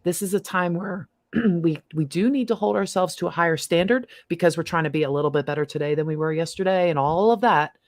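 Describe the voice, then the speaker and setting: A middle-aged woman with a lowish voice hosts a casual livestream chat. She talks freely and breaks into snippets of song. The sound is dry and close, with no room around it. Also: fast talker, a little mellow, no room sound. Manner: chatty, bursts into snippets of song. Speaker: livestream host.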